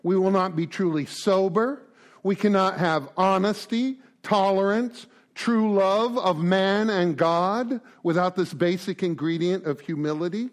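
A man's voice: high voice, unhurried. A middle-aged man giving an informal recovery group talk, acting out little conversations and tagging lines with "right?" and "man". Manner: animated, acts out conversations, frequent "right?" and "man".

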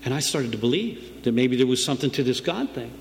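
A middle-aged man rattles off his sobriety story to a meeting group, his medium-pitched voice animated and fast. He keeps it loose and conversational, repeatedly checking in with "right?" Long room reverb and a faint background hum surround him.

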